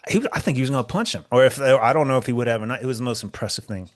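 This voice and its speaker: A man hosting a podcast, telling an animated story with swearing and stammered restarts. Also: medium pitch, very fast, dry recording. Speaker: podcast host. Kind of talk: casual podcast chat.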